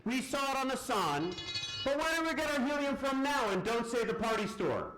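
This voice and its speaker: Faint music plays behind an extremely high-pitched man delivering a physics demonstration lecture at a moderate pace. His manner is lively, as he keeps quizzing the audience and answering his own questions, all in a large, echoing lecture hall.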